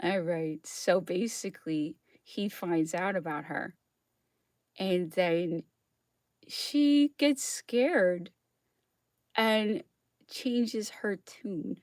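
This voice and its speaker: A woman's voice: on the low side, extremely slow, pauses often, darkish tone, no room sound. Chatty woman astrology host, dry sound. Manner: chatty, keeps checking in with "okay?"; laughs often while talking. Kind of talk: casual monologue.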